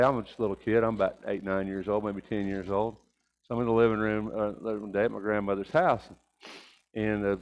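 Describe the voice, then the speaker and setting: A man's voice: mid-range voice, highs cut off. An older man preaching a Sunday sermon, telling folksy stories and rising to emphatic points.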